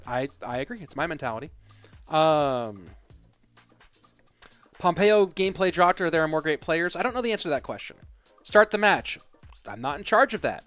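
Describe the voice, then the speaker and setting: A man with a slightly high voice casts a live esports stream, talking loosely and answering chat questions off the cuff. He fills his pauses with ums and uhs, and faint music plays underneath. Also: big pitch swings, fairly bright tone. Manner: casual, answers chat questions with frequent fillers.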